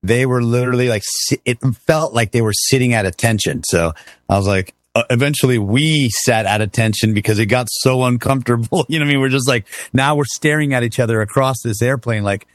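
Middle-aged male guest, lively laughing storyteller, close dry mic. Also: mid-range voice, a little fast, no room sound. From Miami, raised in Texas. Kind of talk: casual conversation, storytelling.

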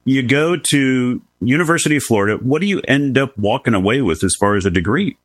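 A middle-aged man hosting a casual interview, asking questions in a relaxed and friendly way. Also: mid-range voice, brisk, breathy edge, no room sound, studio quality. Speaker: host.

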